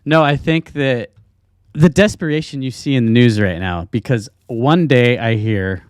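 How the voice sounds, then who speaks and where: A man's voice: medium pitch, measured pace, clean tone, dry recording, studio quality. A man co-hosting a casual talk show, reading news aloud with sarcastic, profane commentary and frequent laughter. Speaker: podcast co-host.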